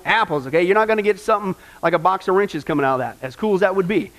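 A man's voice: high voice, racing, a bit bright. A man pastor giving a folksy sermon, often asking the congregation questions.

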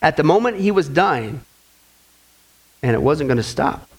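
A man's voice: a little high, lively intonation, a little slow, breathy edge. A man preaching a sermon during a Bible study. He speaks emphatically and keeps asking the congregation rhetorical questions.

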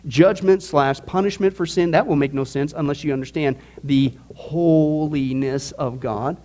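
A man's voice: fairly high pitch, normal speed, dark tone. A man teaching a Bible study class in a casual, emphatic way, cracking jokes and asking the group questions.

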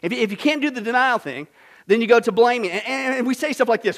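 A man preaching a sermon as a pastor, swinging from hushed asides to loud emphatic lines and often repeating "listen". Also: very high voice, lively intonation, fast.

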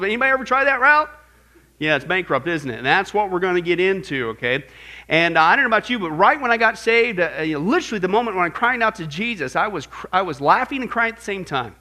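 A middle-aged man teaching a church class on apologetics, animated and often asking the audience questions. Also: high voice, fast. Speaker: Bible teacher.

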